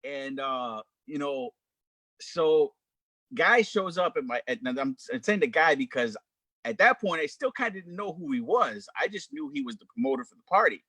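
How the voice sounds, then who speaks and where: A middle-aged man being interviewed as a DJ guest, telling a story with animated quoted voices. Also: a little high, normal speed, creaky, no room sound.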